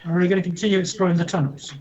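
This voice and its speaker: A man's voice: high-pitched, little pitch movement, rapid-fire, a little mellow, highs cut off. A man playing in a tabletop game, chatting casually and speaking politely but hesitantly with ums when in character. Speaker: player.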